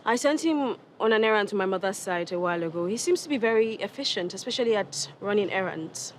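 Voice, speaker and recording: A woman plays a haughty young Nigerian executive in a TV drama, speaking in a voice of middle pitch. She is cold and cutting and talks down to the people who work for her. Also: expressive, quick pace, slight background noise, lightly acted. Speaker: company executive. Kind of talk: TV drama acting.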